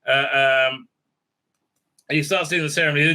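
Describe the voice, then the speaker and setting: A man's voice: a little high, a little slow, long pauses, pushed and bright. A man hosting a casual recap and review, rambling with many fillers and restarts and acting out the characters' lines. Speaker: host.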